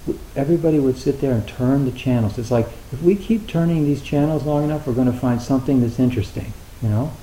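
The speaker is a middle-aged man giving a dharma talk, his medium-pitched voice mellow and slow-paced. Halting and loosely conversational, he fills his speech with fillers and lightens it with dry, gently wry humor. The sound is that of a roomy hall with a faint hiss.

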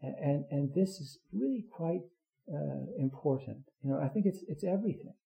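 A man giving a Zen talk in a slightly high voice, halting and rambling with constant fillers and restarts. The sound is roomy and dull, like a lo-fi hall recording. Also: lively intonation, gravelly. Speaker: Zen teacher. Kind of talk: dharma talk.

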